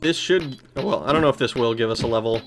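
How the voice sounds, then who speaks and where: A man's voice: medium pitch, fast talker, over music. A man giving let's play commentary on a retro game, swearing freely, getting frustrated and answering his chat. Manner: swears heavily, easily frustrated, talks to chat. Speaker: streamer playing a retro role-playing game.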